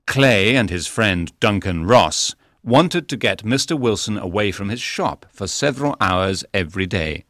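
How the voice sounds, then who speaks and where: A man reading the part of a calm, clever male detective in an audiobook, speaking in a measured, explanatory manner. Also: fairly low pitch, no room sound, studio quality. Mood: explaining.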